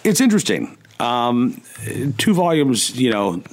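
A man hosting a radio talk show, musing in a halting way with many fillers, wry and indignant. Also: mid-range voice, sing-song. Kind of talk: casual radio monologue. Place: radio studio.

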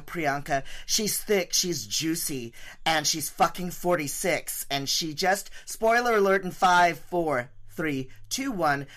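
A man's voice: a little high, a bit bright. A man hosting a casual talk show, chatty and crude, laughing easily as he introduces and questions guests. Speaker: host.

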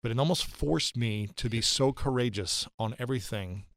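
A man's voice: mid-range voice, normal speed, a bit bright, no echo, studio quality. Earnest man telling a personal story. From United States. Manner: earnest, reflective, repeats phrases for emphasis. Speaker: podcast guest.

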